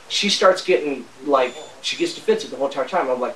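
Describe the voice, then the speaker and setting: A man's voice: medium pitch, animated, fast talker, hardly any pauses, fairly bright tone. A man giving police a profane, rambling, defensive account of a fight, recorded on a body camera. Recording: roomy body camera audio from a distance.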